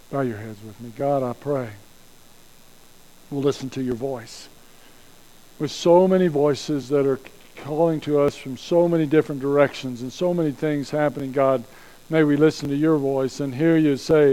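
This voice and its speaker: A man preaching a sermon in an earnest way and closing in soft prayer. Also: mid-range voice, steady tone, normal speed, low-quality recording. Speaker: pastor.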